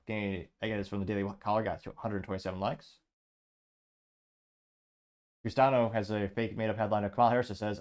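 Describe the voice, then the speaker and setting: A man's voice: on the low side, steady tone, fast talker, pauses often, a little mellow. A man hosting a political commentary show, reading social media replies aloud with sarcastic, wry asides. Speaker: podcast host.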